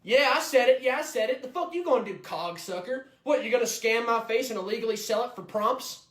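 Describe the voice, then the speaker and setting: A man's voice: very high-pitched, a little fast. A man playing a bigoted guy ranting and hurling insults at a robot in a comedy skit. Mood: contemptuous. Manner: loud, insulting, escalating rant. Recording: echoey room with music behind.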